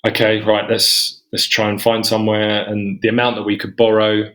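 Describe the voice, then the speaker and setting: A man in his forties from England tells a long personal story as a podcast guest. His voice sits on the low side, and he rambles casually, slipping into lifted voices when he quotes what he and others said. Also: completely flat delivery, moderate pace, fairly bright tone. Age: 40s.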